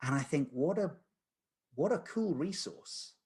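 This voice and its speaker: A man's voice: fairly high pitch, animated, measured pace, a little mellow, slightly rough. A man in his thirties, a guest who practises lucid dreaming, retelling a dream in a podcast conversation in an earnest, rambling way with many fillers and restarts. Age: 30s.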